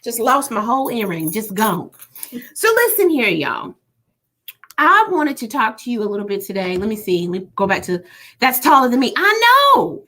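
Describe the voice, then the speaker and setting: A woman's voice: medium pitch, moderate pace. A woman hosting a casual livestream, reading viewer comments aloud with teasing humor. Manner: animated, teasing, laughs often. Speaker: livestream host. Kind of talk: casual live-stream chat reading comments.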